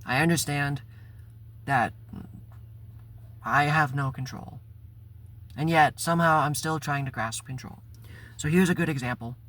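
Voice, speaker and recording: A man's voice: on the high side, a little slow, long pauses, fairly bright tone. A man telling a personal story in a casual, rambling vlog, swearing and breaking into bursts of exasperation. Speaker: spiritual vlogger.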